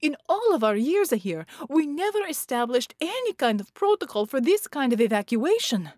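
A woman voicing a male scientist spirit in an audiobook who has lost his calm and speaks high and strained. He sounds close to wailing. The recording is dry and close. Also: moderate pace, no room sound. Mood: frantic. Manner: frantic, high-strung.

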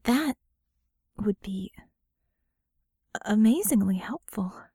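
A woman voicing a wry, sharp-tongued young woman in an audiobook, in a close, everyday voice. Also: medium pitch, lively intonation, breathy edge, no room sound, heavily acted. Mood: sarcastic. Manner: wry, quick, sarcastic. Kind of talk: audiobook character voice.

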